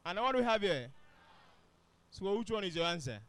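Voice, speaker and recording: Teacher, male, high voice, dry close sound, keeps checking if the class follows. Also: big pitch swings, normal speed, pauses often, bright, forceful tone, smooth, no room sound. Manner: questions the class often. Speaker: English teacher. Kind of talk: classroom lesson.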